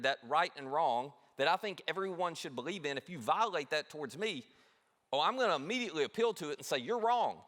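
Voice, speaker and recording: A man pastor preaching a sermon in a church, animated, acting out quoted voices. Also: on the high side. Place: church auditorium. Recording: long hall reverb.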